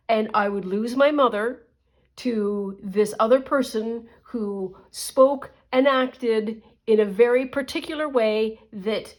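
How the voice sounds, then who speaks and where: A middle-aged woman from Canada, chatting casually in a rambling way full of asides while she works on a craft journal. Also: on the high side. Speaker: crafting vlogger.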